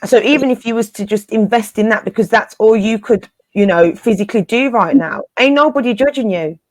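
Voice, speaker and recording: A woman's voice: fairly high pitch, a little fast, darkish tone, dry recording. A woman co-hosting a casual spiritual live chat, encouraging her listeners and often repeating phrases for emphasis in informal, slangy speech.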